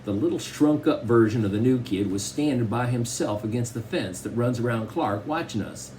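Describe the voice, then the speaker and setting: A man narrating a children's novel in the first person, in a conversational, expressive way. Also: medium pitch, moderate pace, slight background noise, low-quality recording. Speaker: audiobook narrator.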